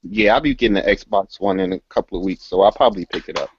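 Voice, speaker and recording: A man's voice: low-pitched, fast talker, noisy background. A man co-hosting a gaming podcast, speaking in a laid-back way. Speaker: podcast co-host. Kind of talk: casual chat. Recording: dry, dull lo-fi audio.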